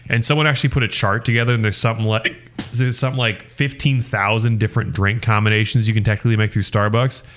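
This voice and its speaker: A man's voice: lowish voice, fast. Ranting young man with hiccups. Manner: animated, ranting. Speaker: podcast co-host. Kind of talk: casual sports podcast chat.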